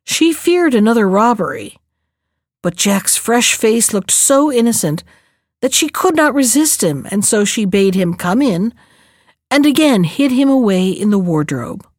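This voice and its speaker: A woman narrating a fairy tale in a clear, measured storybook reading. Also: on the high side, big pitch swings, darkish tone, no echo, clean studio sound.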